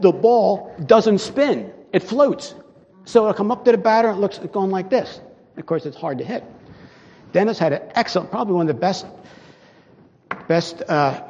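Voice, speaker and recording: A man's voice: high-pitched, warm tone, a little hiss or hum. An older man preaching a sermon in a loose, conversational way, telling a personal story with restarts and asides. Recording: dull sound with long hall reverb.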